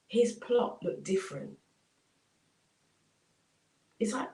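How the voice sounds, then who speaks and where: A woman's voice: a little high, animated, very slow, long pauses, dark tone. A woman motivational speaker telling an inspirational story with dramatic repetition. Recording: roomy, distant mic.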